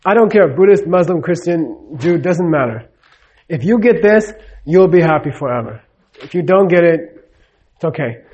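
Speaking live to an audience, a spiritual teacher tells stories with acted-out dialogue, keeping things conversational and checking in often. His higher voice is animated, a little mellow and slightly rough, at a moderate pace, in lo-fi sound.

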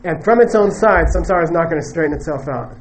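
A man's voice: fairly high pitch, quick pace, a little hiss or hum, low-quality recording. A man teaching Buddhist philosophy in a lecture, joking and laughing often and ending points with "okay?". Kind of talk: classroom dharma lecture.

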